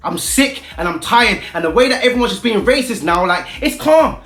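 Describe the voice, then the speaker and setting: A man delivers a fierce, confrontational rant straight to camera, peppered with street slang. His voice sits high for a man. The sound rings around an echoey room. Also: animated, a little fast, fairly bright tone, soft background music. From Britain. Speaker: activist vlogger.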